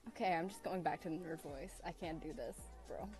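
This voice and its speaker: A young woman narrates a game's story aloud and breaks off to joke with her viewers in a playful way. Her voice sits a bit low, and clear background music plays under her. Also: brisk, darkish tone. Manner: playful, laughs and chats to viewers between lines. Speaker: streamer reading a game aloud. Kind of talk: game narration with live commentary.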